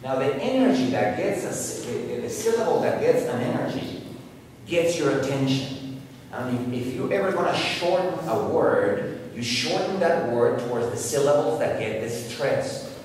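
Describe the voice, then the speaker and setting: A man's voice: mid-range voice, expressive, normal speed, a little mellow, slight background noise. A man giving a university lecture, explaining points emphatically with examples. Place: large lecture hall. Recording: echoey hall recorded from far off.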